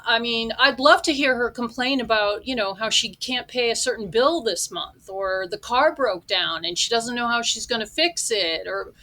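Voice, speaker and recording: Scornful middle-aged woman, bright voice. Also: a little high, normal speed, few pauses. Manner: blunt, scornful and sarcastic. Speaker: reaction vlogger. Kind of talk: ranting reaction commentary.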